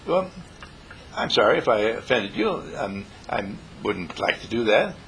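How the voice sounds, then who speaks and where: A man's voice: fairly low pitch, sing-song, moderate pace, fairly bright tone, slight background noise, rough recording. A man giving an inspirational talk on peace to a small group, playful and preachy, sometimes acting out other people's voices. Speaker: spiritual teacher.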